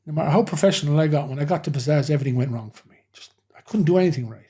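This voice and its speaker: A man's voice: on the high side, racing, mellow, breathy edge. A middle-aged man, a former doorman telling rambling anecdotes in a casual interview, often saying "you know". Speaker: former nightclub head doorman, guest.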